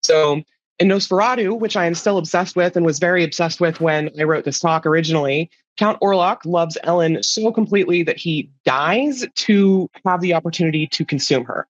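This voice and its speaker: A woman's voice: fairly low pitch, a little fast, no echo, lo-fi sound. A woman giving a casual, chatty talk as a guest speaker, informal and laid-back, sometimes swearing.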